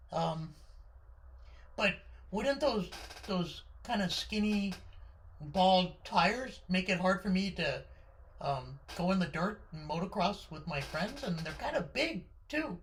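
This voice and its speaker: Excitable storyteller in his fifties, unhurried delivery with a lively, swooping voice. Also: high voice. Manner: excitable, animated storytelling with stumbling repeats. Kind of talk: personal story told to an audience.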